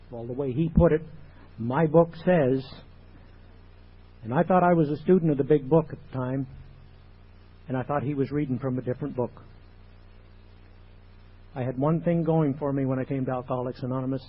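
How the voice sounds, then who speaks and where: A man from Canada opens his talk at a recovery meeting with a joke and words of thanks, speaking at a middle pitch. The sound is muffled, with a faint hiss from an old 1980s tape. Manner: joking, grateful, warm address. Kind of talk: personal sharing at a meeting.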